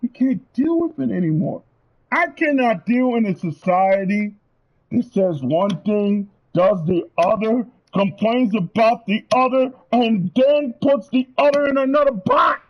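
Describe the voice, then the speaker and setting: A man's voice: extremely high pitch, expressive, unhurried, lo-fi sound. A man streaming, delivering a heated, profane rant to his viewers. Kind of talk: angry rant.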